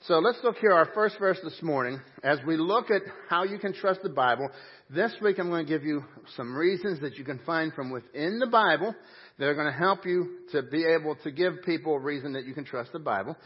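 Husky-voiced preaching man, muffled. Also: fairly high pitch, a little fast. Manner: emphatic preaching, folksy asides, some huffing breath. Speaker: pastor. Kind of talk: sermon. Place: church sanctuary. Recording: dull muffled audio.

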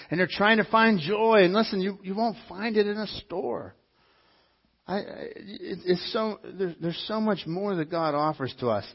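Male pastor, sermon, husky and slightly high, animated with repeated lines, dull lo-fi recording. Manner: animated preaching with mimicked voices and repetition. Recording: dull lo-fi sound.

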